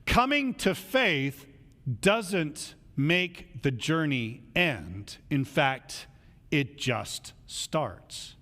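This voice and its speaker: A man's voice: a little high, sing-song, extremely slow, sharp tone, long reverb tail. A male pastor preaching a casual, conversational sermon in a church, acting out the voices of people he quotes.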